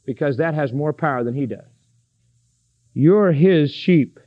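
A man's voice: fairly high pitch, unhurried. A man preaching a sermon with emphasis, asking his listeners questions and answering them. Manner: emphatic, asks the congregation questions. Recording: dull lo-fi recording.

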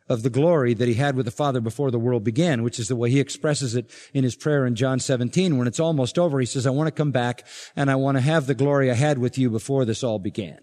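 A man preaching an expository sermon as pastor, emphatic and building to forceful points. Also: medium pitch. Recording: long reverb of a large hall.

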